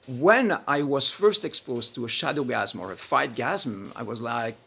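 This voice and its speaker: A man with a bright, gravelly voice and a husky edge teaches a live webinar on tantra. He speaks casually and acts out arguments in loud, sudden quotes. Crickets chirp faintly in the background. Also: mid-range voice, measured pace. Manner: animated, acts out shouted quotes.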